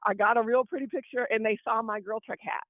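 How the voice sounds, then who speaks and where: Woman host, highish voice, preachy storytelling, dry tinny call audio. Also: fairly even intonation, fast, dry recording. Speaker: co-founder and host. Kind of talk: casual talk on a group call.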